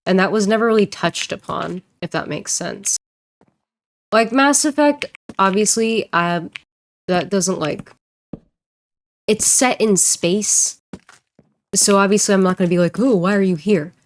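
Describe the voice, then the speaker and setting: A woman streamer and voice actor chatting casually while she plays, rambling and joking and quick to laugh. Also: medium pitch, slight background noise. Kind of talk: casual livestream chat while gaming.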